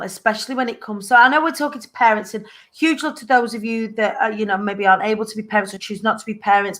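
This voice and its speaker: A woman's voice: medium pitch, fairly bright tone. A British woman hosting a casual interview show, rambling and searching for her words. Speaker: show host.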